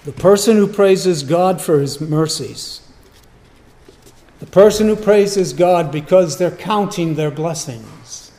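A man's voice: a little high, dark tone. A man preaching a sermon, emphatic and repeating his key phrases. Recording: long hall reverb.

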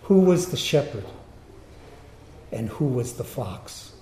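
A man telling a personal story in a sermon, in an earnest, animated way. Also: medium pitch, slow pace, slight background noise. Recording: roomy echo.

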